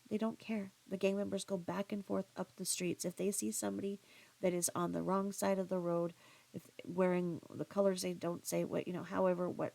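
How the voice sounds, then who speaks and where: Gravelly low-voiced woman telling a story. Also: warm tone. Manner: rambling, chatty, with frequent restarts and asides. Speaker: vlogger. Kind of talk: casual storytelling monologue.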